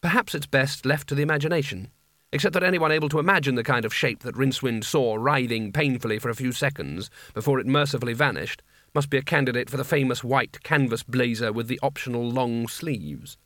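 A man's voice: mid-range voice, brisk, a bit bright, no echo. A man narrating a comic fantasy audiobook in a dry, wry storytelling manner. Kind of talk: scripted narration.

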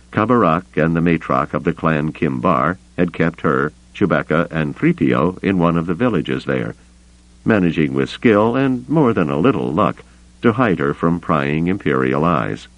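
A man narrating an audiobook in an expressive, varied storytelling manner. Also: deep voice, no room sound. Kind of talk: scripted narration. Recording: dull, muffled dry recording.

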